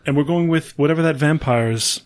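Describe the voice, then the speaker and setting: A man's voice: on the high side, fairly quick. A man joining a casual podcast chat, joking about his own attempts at accents. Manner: self-mocking, jokey. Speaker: podcast guest.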